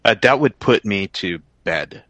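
A man's voice: fairly low pitch, expressive, measured pace, pushed and bright, no echo. A man co-hosting a podcast in a casual, joking, laid-back manner. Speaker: podcast co-host. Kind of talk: casual chat.

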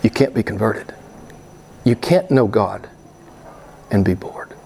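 Impassioned preacher man, swinging loud and soft. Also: on the low side, lively intonation, slow pace, creaky, slight background noise. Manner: impassioned, swings from quiet to loud with sudden rises. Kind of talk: sermon.

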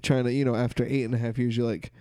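A man's voice: medium pitch, flat delivery, racing, mellow, clear, resonant tone, no echo. A man co-hosting a casual chat, rambling through stories with lots of laughter and swearing. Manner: laughs often, profane, rambling storytelling.

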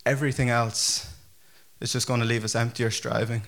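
Pastor, male, bright ringing tone, chatty loose delivery with lots of fillers. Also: medium pitch, a little fast, creaky. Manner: chatty, animated, many fillers and restarts. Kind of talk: casual conversational sermon.

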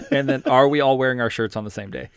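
A man's voice: medium pitch, huge pitch swings, a little fast, gravelly, a crowd in the background. A man in his thirties hosting a podcast in casual chat, laughing often, joking and swearing freely. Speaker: podcast host.

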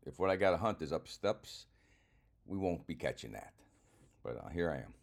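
An older man with a very low, deep, gravelly voice rambles casually with big pitch swings. Wry and self-mocking, he drops swear words without pausing, sounding like a comedian telling stories to camera.

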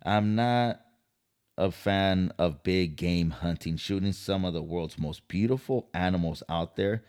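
A man's voice: low-pitched, a little mellow. A man hosting a podcast, ranting in a casual, heated and profane way. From California. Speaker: podcast host. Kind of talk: casual commentary.

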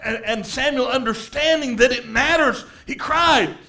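A man with a very high voice preaches a fervent sermon. He drops to hushed asides, then rises to shouted emphasis, and he hammers points home by repeating phrases. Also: measured pace. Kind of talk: impassioned sermon.

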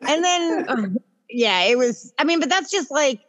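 A woman's voice: sits high, expressive, unhurried, fairly bright tone. A woman guest, talking bluntly and with a lot of swearing about organizing her neighborhood. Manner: blunt and profane, storytelling. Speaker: guest, mutual aid organizer. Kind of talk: casual conversation.

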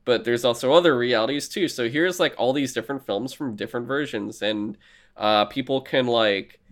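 A man's voice: mid-range voice, moderate pace. A man co-hosting a casual chat about TV shows, rambling and swearing, acting out his own reactions. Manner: rambling, profane, acts out reactions in quoted voices. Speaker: podcast co-host.

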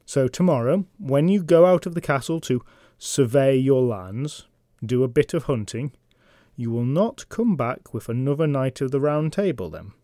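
A man's voice: mid-range voice, lively intonation, moderate pace, dark tone, no echo, natural voice. A man voicing a long-suffering male servant in a castle who talks in a weary, dry manner.

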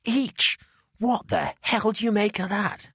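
Performing an eager, easily startled young male student, a man uses an exaggerated voice pitched above his own, fairly high with huge swings in pitch. He sounds excited, speaks at normal speed, and is slightly rough. The sound is clean studio quality with no echo.

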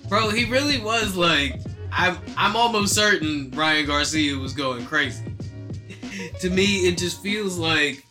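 A man's voice: high voice, expressive, unhurried, music in the background. A man casually chatting about rap beef and boxing, loose and joking, with lots of fillers and swearing. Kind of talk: casual hip-hop commentary chat.

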